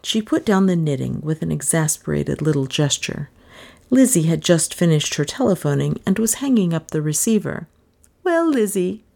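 Casting: woman audiobook narrator, expressive and suspenseful, lively pitch. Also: moderate pace, gravelly. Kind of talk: scripted narration.

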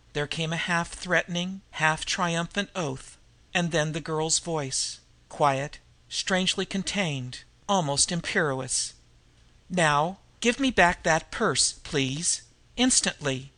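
A man reading a novel aloud in measured, even storytelling narration. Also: fairly high pitch, dry recording. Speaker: audiobook reader. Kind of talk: scripted narration.

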